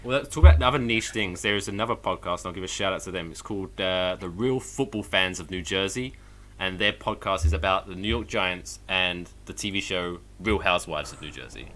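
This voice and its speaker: A man's voice: sits low, a little fast, fairly bright tone. A man hosting a podcast, chatting casually with loose, joking, rambling talk. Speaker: podcast host. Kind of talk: casual chat.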